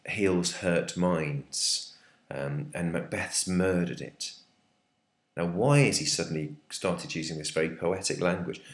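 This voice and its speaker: Deep-voiced teacher talking through a text. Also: male voice. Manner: chatty, questioning, full of ums. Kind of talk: literature lesson talkthrough. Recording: echoey room.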